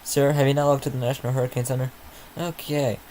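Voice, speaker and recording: A man's voice: mid-range voice, flat delivery, quick pace, a little mellow, a little hiss or hum, low-quality recording. A man hosting an informal live stream, rambling and muttering to himself as he waits for updates, sounding sleepy. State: sleepy, yawning. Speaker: livestream host. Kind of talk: casual live commentary.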